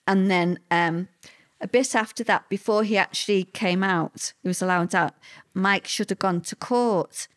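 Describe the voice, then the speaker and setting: An older woman, a guest recalling hard times in a halting, emotional way with many fillers. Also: medium pitch. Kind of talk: personal interview recollection.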